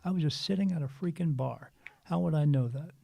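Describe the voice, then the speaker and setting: Earnest gravelly man telling a story. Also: on the high side, fairly quick, no echo. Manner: earnest, animated storyteller with frequent restarts. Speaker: spiritual medium guest. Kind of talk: casual storytelling interview.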